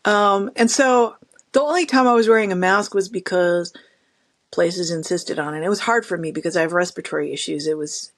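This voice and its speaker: A middle-aged woman, a podcast guest, talking in a casual conversational interview with animated storytelling. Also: on the low side, a little fast, no room sound, clean studio sound. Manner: animated storytelling, acting out quoted people.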